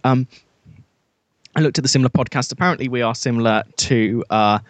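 A man's voice: mid-range voice, a little fast, dry recording. British man, podcast co-host, rambling chat, dry mic. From Britain. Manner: rambling, self-deprecating. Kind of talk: casual chat.

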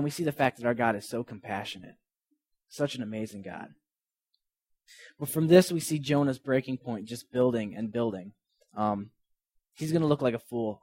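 A man's voice: mid-range voice, darkish tone, no echo. A man giving an earnest, conversational sermon, retelling and reading Bible passages. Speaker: pastor.

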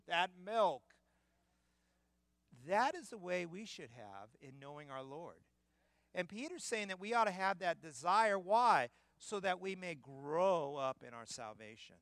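A man preaching a sermon in a church, emphatic and building to loud peaks. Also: sits high, lively intonation, unhurried, no room sound. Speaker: pastor.

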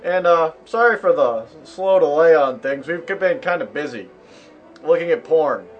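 Young man, podcast co-host, rambling jokes, fairly high voice, faint music behind. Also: expressive, moderate pace, highs cut off. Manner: joking, rambling, loud outbursts. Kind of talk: casual gaming chat.

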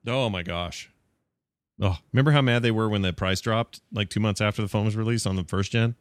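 A man's voice: fairly low pitch, brisk, no echo. Chatty, laughing male podcast host. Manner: joking, laughs often, chatty. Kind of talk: casual chat.

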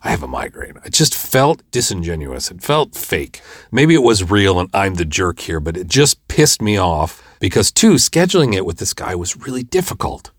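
Deep-voiced man telling a rambling story. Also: very animated, normal speed, dry recording, studio quality. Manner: rambling, exasperated, lots of fillers. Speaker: podcast host and filmmaker. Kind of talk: casual storytelling monologue.

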